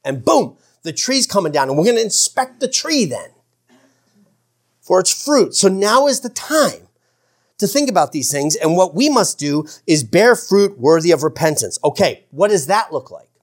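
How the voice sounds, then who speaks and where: Pastor, male, slightly high-pitched, preaching earnestly with slow emphatic lines and stammered restarts. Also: very animated. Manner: shifts from slow emphatic phrases to quick asides. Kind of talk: sermon.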